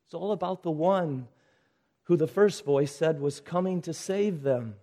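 A man preaching from the pulpit, his voice sitting high for a man. He pleads and urges, climbing to loud calls and then sinking to near-hushed phrases. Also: a little slow. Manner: urgent preaching, swinging from loud exhortation to hushed lines. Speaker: pastor. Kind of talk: sermon.

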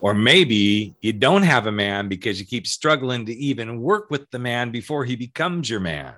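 A man over forty from the American South talks through his podcast alone. His delivery is chatty and cheeky, leaning hard on key words. His voice sits at a middle pitch and jumps up and down in pitch and pace. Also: lively intonation, normal speed, bright, forceful tone. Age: 40s or older. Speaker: podcast host. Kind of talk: solo podcast advice talk.

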